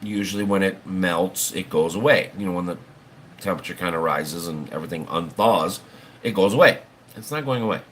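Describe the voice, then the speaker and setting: A man's voice: sits low, a little fast, a little hiss or hum. A man hosting a livestream, chatting casually in a rambling, folksy way and swearing now and then. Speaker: livestream host.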